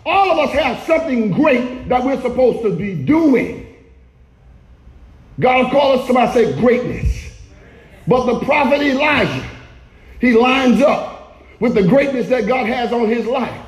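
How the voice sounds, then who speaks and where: A male pastor preaching a sermon in a church, shouting often and calling for the congregation to respond. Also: very high voice, animated, a little slow, pauses often, roomy sound, poor audio.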